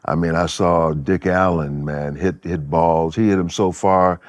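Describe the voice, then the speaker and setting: A man's voice: sits low, measured pace. A man in his seventies telling stories as an interview guest, acting out quotes and laughing as he goes. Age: 70s. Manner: animated storyteller who acts out quotes and laughs. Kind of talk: casual interview storytelling.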